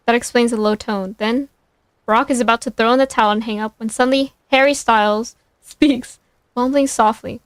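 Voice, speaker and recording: A woman's voice: on the high side, fairly even intonation, normal speed, dry recording. A woman streamer reading fan fiction aloud on a desk mic, breaking off for amused, self-mocking asides.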